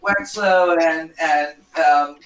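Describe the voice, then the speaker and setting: A woman's voice: low voice, takes it slowly. A woman chatting as a guest on a casual video call, asking friendly, curious questions. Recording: echoey, distant mic.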